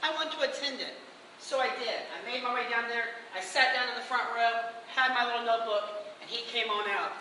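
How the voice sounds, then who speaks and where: A man's voice: extremely high pitch, flat delivery, fairly quick, bright, forceful tone, a little hiss or hum. A man giving a humorous contest speech, telling a playful story to an audience in a hall, recorded from far off. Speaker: contest speaker.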